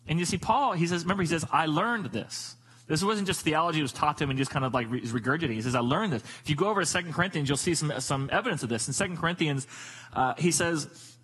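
Husky animated preacher man. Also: fast, poor audio. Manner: animated, jokey storytelling with sudden pitch jumps. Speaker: pastor. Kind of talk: sermon.

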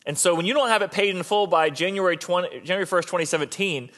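A man's voice: high voice, fast, a bit bright. A man preaching a conversational, joking sermon, often restarting his sentences mid-thought. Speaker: pastor.

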